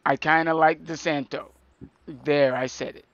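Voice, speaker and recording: Bright-voiced, playful podcast co-host man. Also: on the high side, steady tone, normal speed, muffled recording. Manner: laughs often, teasing and playful. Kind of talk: casual chat.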